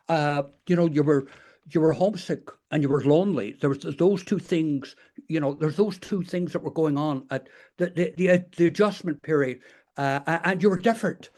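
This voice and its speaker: A man's voice: a little high, a little mellow. Older Northern Irish man, rambling storyteller. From Northern Ireland. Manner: rambling, full of restarts and "you know". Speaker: guest, retired teacher and memoir author. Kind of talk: casual storytelling interview.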